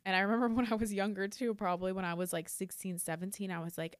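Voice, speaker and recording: A woman in her twenties hosting a solo podcast, talking candidly and swearing freely, and getting animated when she retells a story. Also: medium pitch, fast talker, few pauses, no room sound. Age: 20s. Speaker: podcast host. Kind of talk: casual solo podcast monologue.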